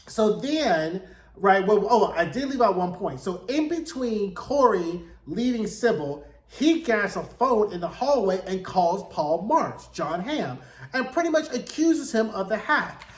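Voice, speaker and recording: A man hosting a casual, chatty TV recap, telling the plot in a gossipy, animated way with slangy asides. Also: high voice, measured pace. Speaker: TV recap host. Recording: roomy echo.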